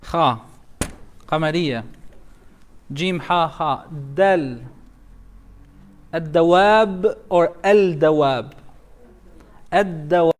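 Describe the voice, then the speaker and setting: Imam, male, leads a tajweed class; fairly high voice, unhurried, calls out letters and questions students. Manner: quizzes students letter by letter, drawn-out recitation of words. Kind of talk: classroom teaching.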